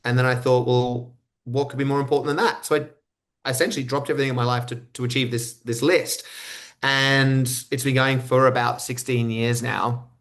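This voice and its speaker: A man's voice: medium pitch, level tone, a little fast, a bit bright. A man in his thirties with an Australian accent, a podcast guest answering questions and often repeating words as he starts a thought. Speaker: guest speaker. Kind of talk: conversational interview answers.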